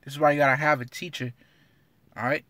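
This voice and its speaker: A man's voice: fairly high pitch, level tone, fast, a bit bright, dry recording. A man giving an informal scripture lesson, blunt and streetwise, tagging his lines with "man" and reading verses aloud in an old-fashioned cadence. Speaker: religious teacher.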